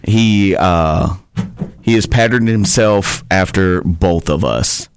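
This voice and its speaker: A man's voice: low-pitched, slow pace, a little hiss or hum. A man telling rambling, profane stories as a wrestler guest on a podcast. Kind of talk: casual podcast storytelling.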